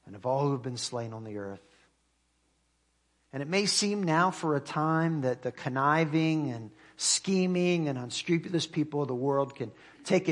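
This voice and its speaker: A man preaches in an earnest voice of middling pitch. He reads scripture with swelling emphasis and then slows, dropping quietly at the ends of his lines. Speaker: pastor. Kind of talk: sermon.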